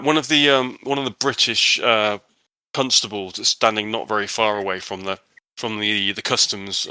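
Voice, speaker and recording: A man's voice: lowish voice, sharp tone, no room sound. A man narrating a tabletop horror game as game master, hesitant and full of restarts.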